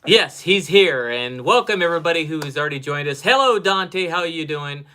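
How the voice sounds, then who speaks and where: Man, from the US, webcast host, upbeat, greets viewers by name, higher pitch, bright tone, phone mic. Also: animated, normal speed. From United States. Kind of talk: casual live webcast chat. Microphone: cell phone.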